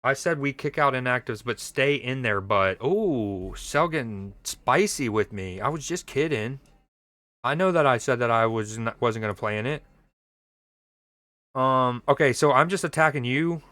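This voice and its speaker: A man's voice: mid-range voice, lively intonation, moderate pace, a bit bright, no echo. A young man streaming a mobile game, chatting casually and joking with his viewers as he plays. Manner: playful, jokey, reads chat aloud. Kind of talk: casual gaming stream chat.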